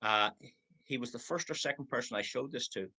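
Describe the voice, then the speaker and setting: Bright-voiced man in his sixties coaching. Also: medium pitch, brisk, rough recording. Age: 60s. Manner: acts out prospects' replies in quoted voices. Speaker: network marketing trainer. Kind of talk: motivational training talk. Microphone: video call.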